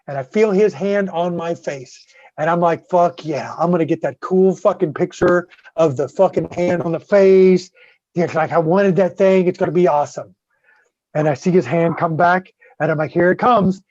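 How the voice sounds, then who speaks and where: Profane, animated man telling a story. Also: high voice, moderate pace, no room sound, lo-fi sound. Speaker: guest host. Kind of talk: casual storytelling.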